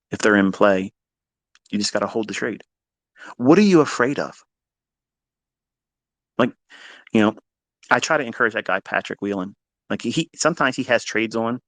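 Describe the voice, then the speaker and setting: Off the cuff, a man lectures as a trading mentor to motivate his audience, profane and blunt, shifting between quiet mutters and loud, forceful outbursts. There's no room sound.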